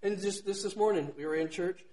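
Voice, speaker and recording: In an informal devotional talk, a man with a scratchy, high-pitched voice speaks briskly, lurching between hushed, near-whispered asides and loud shouts. He laughs often between lines.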